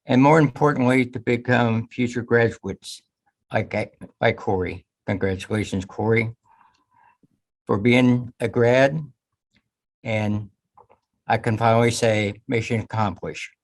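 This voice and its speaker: A man hosting an interview, asking measured, friendly questions and wrapping up the show. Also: mid-range voice, low-quality recording. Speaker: host.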